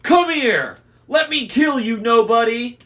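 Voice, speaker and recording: A man voicing a huge, brutish male cyclops monster who bellows and yells, in a storybook reading. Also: sits high, very animated, slow pace, pitched above the performer's own voice, exaggerated voice. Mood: furious. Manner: bellowing and yelling.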